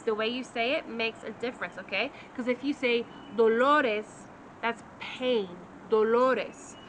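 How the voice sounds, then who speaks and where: A woman's voice: fairly high pitch, low-quality recording. Upbeat woman teacher, vehicle noise behind. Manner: energetic, often checks in with "okay?". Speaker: Spanish teacher. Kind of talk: casual teaching monologue.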